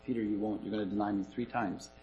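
A man voicing Christ in a sermon retelling, speaking low, quietly and firmly. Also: fairly even intonation, quick pace, highs cut off, slight background noise, lightly acted. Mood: grave. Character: calm, grave Christ foretelling denial, adult man.

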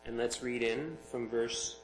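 A man's voice: mid-range voice, steady tone, measured pace, echoey room, faint music behind, rough recording. A man preaching a sermon as pastor, earnest and emphatic, explaining scripture to his congregation.

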